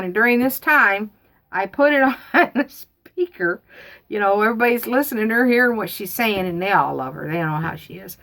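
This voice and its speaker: A woman tells a homespun story in a rambling, folksy style, circling back and repeating herself. Her voice carries a steady gravelly fry at a middle pitch. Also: moderate pace. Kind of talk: casual storytelling.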